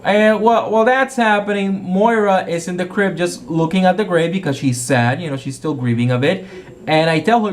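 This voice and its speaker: A man's voice: sits high, normal speed, a little hiss or hum. A man acting as game master, casually retelling a tabletop game session in a rambling way and often correcting himself.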